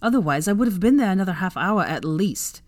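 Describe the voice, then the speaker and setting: An irreverent young wizard, as a woman reader puts him on, low-voiced, dry and teasing. He sounds wry and amused in a storybook reading, recorded with a dry, close sound. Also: expressive, a little fast, no echo. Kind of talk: audiobook fan-fiction reading.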